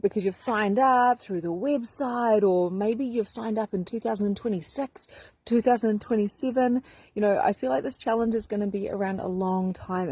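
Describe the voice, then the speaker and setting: A woman with a slightly husky, breathy voice leads a live-streamed spiritual coaching talk. She is chatty and effusive, addresses viewers directly and now and then swears in passing. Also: medium pitch, warm tone. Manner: casual, effusive, swears freely; talks straight to viewers, greets commenters.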